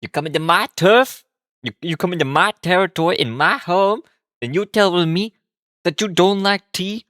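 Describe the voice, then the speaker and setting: A woman voicing a menacing male mafia gangster boss, slow and threatening, with a Texan twang mixed in. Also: on the low side, fairly bright tone, no echo, studio quality, pitched below the performer's own voice, close to an everyday voice. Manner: threatening, drawn-out tough-guy talk with a Texan twang. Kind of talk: playful voice bit on a livestream.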